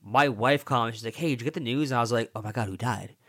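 A young man, telling animated, profanity-laden sports stories in casual chat. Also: medium pitch, very fast.

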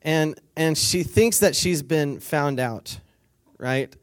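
A man's voice: on the high side, takes it slowly. A man delivers a conversational sermon to a retreat crowd. He reads scripture, then retells it in his own casual words, playing out the people in the story. He laughs along and gets the listeners to say lines back to him. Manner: conversational, acts out quotes, asks the crowd for responses. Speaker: speaker at a weekend retreat.

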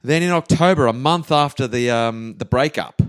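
Man, podcast co-host, chatty history storytelling, middle pitch. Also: smooth. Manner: animated storytelling, acts out figures in quick put-on voices. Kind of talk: casual history podcast chat.

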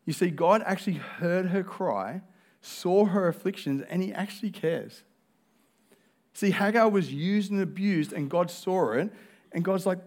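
A man's voice: high voice, unhurried, darkish tone. Earnest male pastor preaching. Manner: earnest, conversational preaching with acted asides. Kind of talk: sermon.

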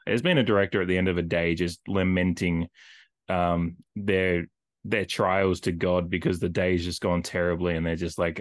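A man co-hosting a casual film podcast, rambling and animated, full of filler words as he retells scenes. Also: deep voice, normal speed, dry recording, clean studio sound. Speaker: podcast co-host.

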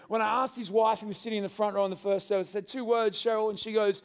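Man pastor, high voice, animated and playful sermon to a live congregation. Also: fast talker, hardly any pauses. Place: church hall with congregation.

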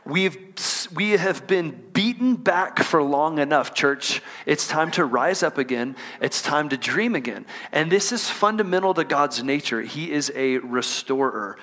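A man preaching a sermon as pastor, reading scripture slowly and calling on the congregation to repeat after him. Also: a little high, expressive, fairly bright tone. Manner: call-and-response preaching, asks the congregation to repeat lines; drawn-out emphatic scripture reading. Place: church auditorium.

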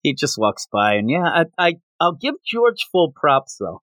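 A man co-hosting a podcast, chatting casually and animatedly about a manga chapter, often slipping into quick voices for the characters. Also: a little high, big pitch swings, fairly bright tone, dry recording. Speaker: podcast co-host.

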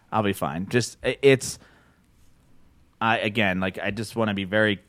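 Speaking slowly in a fairly low voice, this podcast host from New Jersey rambles through a casual chat, swearing a lot and restarting often with animated energy. The recording is dry.

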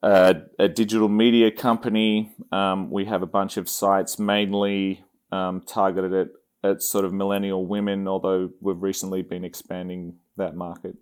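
A man from Australia with a mild Australian accent, a podcast guest talking about his work in a relaxed, rambling way with fillers and restarts. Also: low-pitched, normal speed, few pauses, smooth. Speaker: podcast guest, engineering executive. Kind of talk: casual interview chat.

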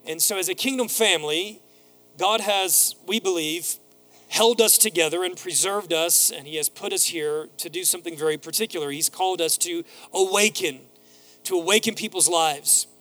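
A man in his thirties preaching a sermon as pastor, telling animated stories and acting out voices. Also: high-pitched, normal speed, faint music behind.

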